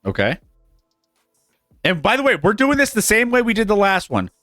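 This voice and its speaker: A lively man hosting a sports betting stream, his voice on the higher side and swinging up and down as he talks. He chuckles a lot and trips over his words before pressing on. The sound is dry and close, with faint music underneath. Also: moderate pace, no echo. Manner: animated, chuckles often, stumbles and restarts. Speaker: sports betting show host. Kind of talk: casual sports talk on a live stream.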